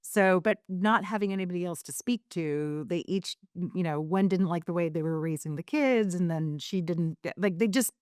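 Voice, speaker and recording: Low, smooth-voiced woman telling her story. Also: moderate pace, hardly any pauses, a little mellow, no echo, clean studio sound. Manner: rambling, with many fillers and restarts. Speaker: podcast guest. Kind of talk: candid storytelling interview.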